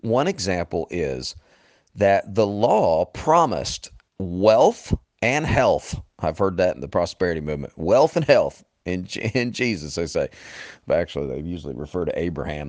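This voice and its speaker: Earnest low-voiced male preacher, dry sound. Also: expressive, moderate pace, no room sound. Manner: earnest, often drops low and quiet for emphasis, addresses listener as friend. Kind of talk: sermon.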